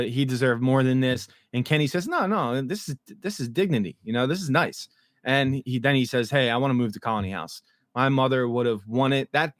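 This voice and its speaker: A man's voice: mid-range voice, dry recording. Casual man recapping episodes, dry sound. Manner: excited, swearing, acts out quotes. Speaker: show recap host.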